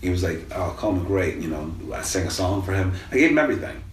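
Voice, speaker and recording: A man in casual interview chat, talking in a relaxed, rambling way with many restarts. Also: deep voice, quick pace. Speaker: guest actor. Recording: distant mic in echoey room, faint noise.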